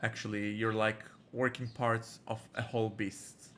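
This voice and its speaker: Guy reading as a bitter cold villain, slow and low, game mastermind. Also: little pitch movement, fairly bright tone, slight background noise.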